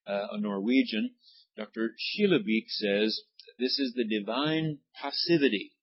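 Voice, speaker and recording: Man teaching bible study, husky voice, animated pitch, dull lo-fi recording. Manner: reads passages aloud, then stops to explain words and pronunciation. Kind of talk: Bible study lesson, reading and explaining scripture. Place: church classroom.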